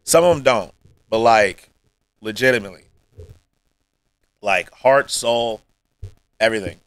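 A man's voice: fairly low pitch, measured pace, a bit bright, no echo, poor audio. Heartfelt rambling male streamer, dry sound. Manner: rambling, heartfelt, drops to near mumbles. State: emotional, close to tears. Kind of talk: emotional livestream chat. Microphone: streaming mic.

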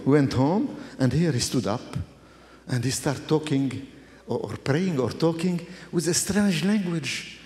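A man's voice: on the high side, animated, a little slow, a little mellow. A male pastor telling his testimony in an emphatic, storytelling way, repeating phrases for effect. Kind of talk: dramatic preaching testimony. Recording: echoey hall.

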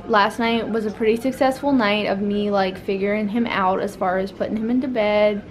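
A woman's voice: medium pitch, steady tone, normal speed, slight background noise. A young woman, a new mother, chatting casually to her vlog camera, rambling with many fillers.

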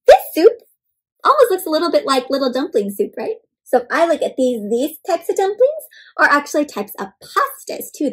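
A woman reading a picture book aloud to children, animated and often asking her young listeners questions. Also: high voice, breathy edge. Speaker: children's storyteller. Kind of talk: interactive read-aloud for kids.

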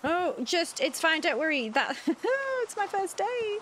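A woman's voice: extremely high pitch, big pitch swings, unhurried, a bit bright, slight background noise. A woman hosting a let's play, chatting flustered and apologetic to the game's characters as she plays. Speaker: gaming channel host.

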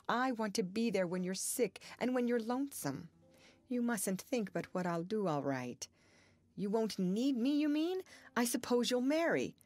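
A woman's voice: on the low side, darkish tone, dry recording. A woman voicing a troubled, yearning young farmer, speaking in an earnest, pleading way in an audiobook.

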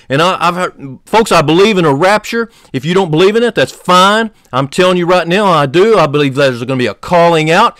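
A man preaching a sermon as pastor, fervently, rising loud on key points and dropping low and soft. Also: no room sound, studio quality. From United States.

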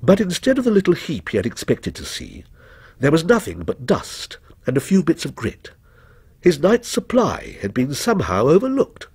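A man narrating a ghost story in a measured, expressive storytelling manner. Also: fairly high pitch, slightly rough, no echo. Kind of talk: scripted ghost story reading.

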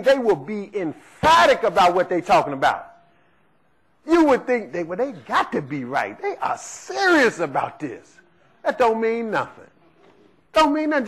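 With an extremely high-pitched, fairly bright voice, a male preacher delivers a conversational sermon, repeatedly checking in with "right?" as he teaches. The recording is rough.

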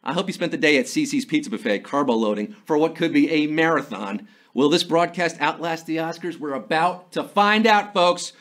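A man's voice: a little high, normal speed, fairly bright tone. A man hosting a live trivia game show, reading questions with playful jokes and theatrical asides. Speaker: quiz show host.

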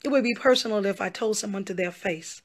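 Her mid-range voice moves fast as this pastor and gospel singer speaks to her followers in a social media video. She looks right into the camera, emphatic and imploring, says the same things over and over, and keeps calling people "honey" and "y'all."

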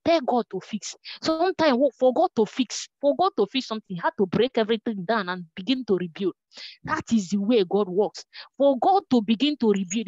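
A woman's voice: on the high side, dry recording, highs cut off. A woman preaching a sermon, earnest and repetitive, praying aloud between points.

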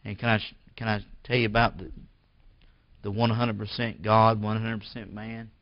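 Emphatic low-voiced preacher. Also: male voice, little pitch movement, moderate pace, no room sound, muffled recording. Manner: preaching with rising emphatic bursts and drops to near-whisper. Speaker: pastor. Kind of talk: sermon. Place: church.

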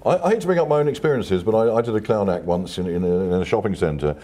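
A host who talks fast and trades quick jokes with his guest. His voice sits low, with a dark, husky grain. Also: animated. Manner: quick, jokey banter. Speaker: radio show host. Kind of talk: casual chat.

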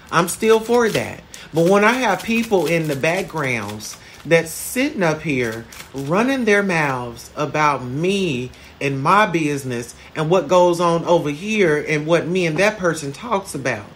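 Sassy woman ranting on a livestream. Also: lowish voice. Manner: sassy, drawn-out, swinging between loud and muttered. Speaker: livestream host. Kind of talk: casual livestream chat reading comments. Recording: faint background noise.

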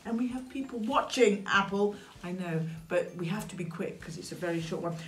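This time the woman's mid-range voice moves briskly. She's still hosting the children's craft show with sing-song playfulness and chatting with a puppet, against a roomy echo and faint music.

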